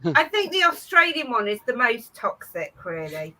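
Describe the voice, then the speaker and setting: A woman's voice: a little high, very animated, normal speed, pushed and bright, poor audio. A woman comedian telling dry, self-mocking stories on a headset over a video call. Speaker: comedian panelist. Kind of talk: stand-up style chat on a video call.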